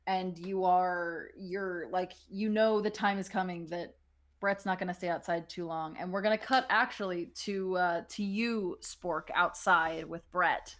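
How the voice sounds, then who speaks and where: A woman's voice: lowish voice, steady tone, measured pace, fairly bright tone. A woman running a tabletop role-playing game, narrating loosely with frequent restarts and laughter. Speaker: game master.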